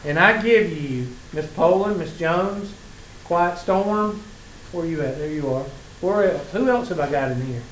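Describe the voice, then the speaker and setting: A man with a Southern US accent is lecturing casually to a college math class, trading jokes and sarcastic stories with students. He has a fairly high pitch and speaks a little slowly, and the recording picks up classroom echo and faint room noise.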